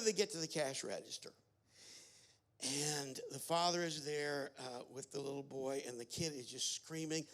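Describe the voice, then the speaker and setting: A man's voice: on the high side, moderate pace, a bit bright. A man giving a sermon at a family camp, telling a story with many fillers and restarts. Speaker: camp speaker.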